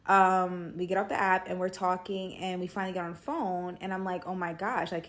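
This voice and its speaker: A woman telling a casual storytime tale, slangy and animated, acting out the dialogue. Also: lowish voice.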